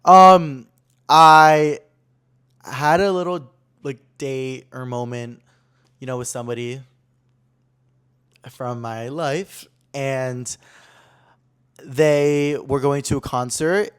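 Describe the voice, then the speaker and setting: A man's voice: medium pitch, steady tone, takes it slowly, long pauses, a bit bright, smooth. A young man hosting his own podcast, telling a story in a casual, dramatic way full of "like" fillers. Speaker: podcast host.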